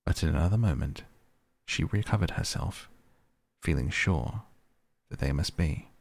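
A man narrating a classic children's story in a steady storytelling read. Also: a bass voice, unhurried, gravelly, no room sound.

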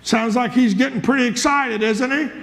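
A man preaching with a strikingly high voice, fervent and rhythmic, piling up repeated words and rising into shouts. His sermon rings through a church with a long, lingering reverb. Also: moderate pace, gravelly. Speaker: pastor.

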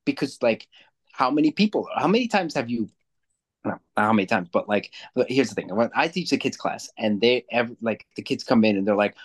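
Male co-host, jujitsu coach, blunt, profane, animated casual chat. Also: medium pitch, fast. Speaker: podcast co-host; jujitsu kids' class coach.

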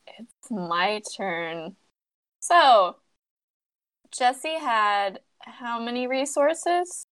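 Young woman co-host, bright higher voice, exasperated animated ranter. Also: drawn-out words. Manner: animated, exasperated ranting with swearing. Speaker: podcast co-host. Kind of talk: casual chat among friends about a mobile game.

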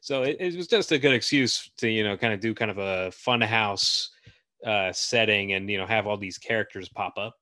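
A man's voice: on the low side, normal speed, sharp tone, no room sound, studio quality. A man hosting a podcast, chatting casually about films with frequent fillers and restarts. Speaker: podcast host. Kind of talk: casual film discussion.

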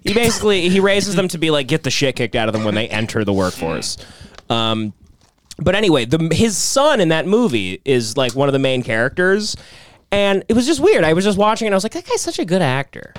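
A man co-hosting a casual podcast, telling rambling stories and jumping up in pitch when he quotes people. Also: fairly quick. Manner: animated storyteller, jumps in pitch when quoting people. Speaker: podcast co-host.

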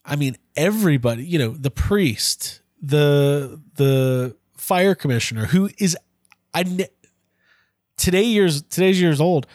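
Excited podcast guest guy, rambles n restarts, bit high pitched, dry close mic. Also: measured pace, no echo. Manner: enthusiastic, rambling, restarts mid-thought. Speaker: guest co-host. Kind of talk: casual chat.

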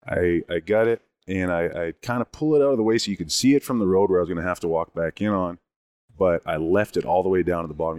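A man casually telling a long story in an animated, rambling way, often restarting his sentences. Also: deep voice, dry recording. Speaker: guest telling a hunting story.

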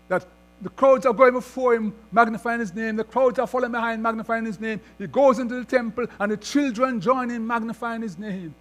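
A high-pitched male pastor delivering a sermon. He reads scripture passages and then explains them, building his emphasis as he goes. A low electrical hum runs underneath the recording.

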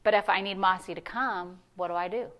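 A woman pastor preaching a sermon, animated and conversational, asking the congregation questions. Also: medium pitch, fairly quick. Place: church service.

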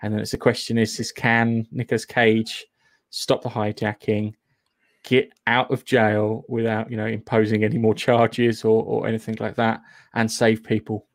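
Halting man on a film podcast, dry sound. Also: fairly low pitch, monotone, no room sound. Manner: halting, with fillers and pauses. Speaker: podcast co-host. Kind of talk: casual film chat.

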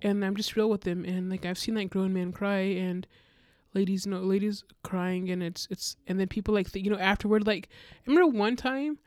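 A woman guest on a podcast, telling a personal story in a casual, animated way and acting out what people said. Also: mid-range voice, fairly quick, dry recording, studio quality. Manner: animated, acts out quotes with many fillers. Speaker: guest speaker.

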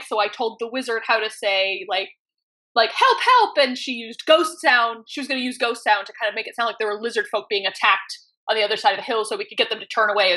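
A woman in her thirties telling funny stories in casual chat, animated and quick to act out quotes in voices. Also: medium pitch. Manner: animated, acts out quotes in voices, laughs often. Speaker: podcast guest. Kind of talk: casual storytelling.

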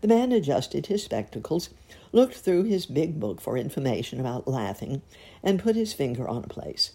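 A woman reading a storybook aloud in a gentle, measured way. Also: very deep voice, very animated, husky. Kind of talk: storybook narration.

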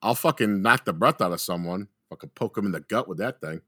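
A young adult man telling a story in casual, animated chat, swearing heavily and acting out what people said. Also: lowish voice, brisk, slightly rough. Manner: animated, heavy swearing, acts out quotes. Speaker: podcast co-host telling a story.

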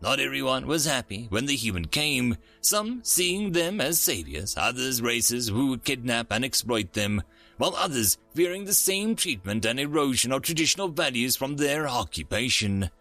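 A man narrating a science fiction story in a lively storytelling way. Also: mid-range voice, normal speed, soft background music.

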